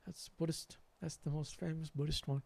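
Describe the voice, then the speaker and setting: Young male host, high gravelly voice, rambling and animated about spirituality, dry close mic. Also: moderate pace.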